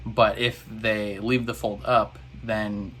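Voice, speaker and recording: A man's voice: fairly low pitch, little pitch movement, takes it slowly, sharp tone. A man in a casual reaction video, recapping an episode in a rambling, exasperated way.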